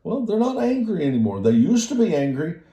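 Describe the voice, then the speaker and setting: Man, motivational speaker, warm mellow voice, earnest delivery, echoey room. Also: sits high, big pitch swings, a little fast, highs cut off. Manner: earnest, repeats words and restarts. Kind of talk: motivational talk.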